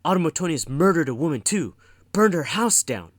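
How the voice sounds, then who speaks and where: A man voices a clever, determined teenage girl who talks urgently and earnestly, pitching above his natural voice so it sounds a little high. His delivery has big pitch swings at a moderate pace, in a dry, clean studio recording.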